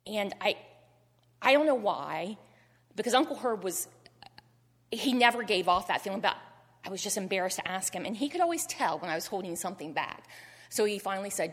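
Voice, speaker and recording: A woman's voice: mid-range voice, lively intonation, brisk. A middle-aged woman speaks to a congregation, earnest and heartfelt, sometimes on the edge of tears. Her voice sits in a middle register and carries a long reverb from the church sanctuary. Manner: heartfelt, earnest, gets choked up. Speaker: cancer survivor giving testimony. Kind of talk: personal testimony in church.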